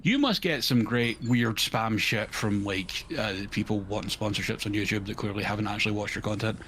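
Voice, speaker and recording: A man's voice: fairly low pitch, brisk, a bit bright, a little hiss or hum. A man co-hosting a game stream, trading dry, wry remarks in casual chat. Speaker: co-host.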